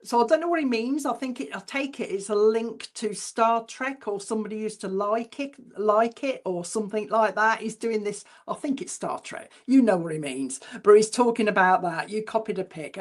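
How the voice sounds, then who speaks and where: A woman, a spiritualist medium giving clairvoyant messages at a church service in a chatty, informal way. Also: medium pitch. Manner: chatty and informal, relays messages by repeating them slowly.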